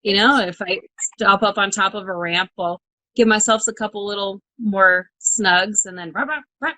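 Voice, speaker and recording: Lively woman telling stories, laughing often. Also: medium pitch, moderate pace, no echo, low-quality recording. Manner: animated storyteller, acts out her own inner dialogue, laughs often. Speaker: monster truck driver guest. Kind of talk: casual interview chat. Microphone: video call.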